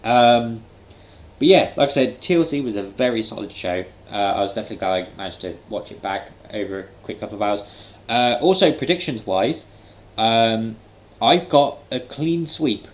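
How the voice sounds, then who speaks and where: A man's voice: on the low side, normal speed, rough recording. A man giving a casual, filler-heavy spoken reaction to a wrestling event. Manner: chatty, lots of fillers, quotes others in exaggerated voices. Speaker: wrestling vlogger.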